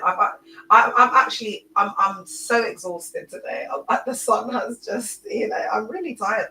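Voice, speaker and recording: A woman's voice: medium pitch, bright, forceful tone, distant mic. A woman, chatting loosely on a live stream into a laptop mic and answering viewers by name. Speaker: livestreamer. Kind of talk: casual live-stream chat. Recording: echoey room, voice away from the mic.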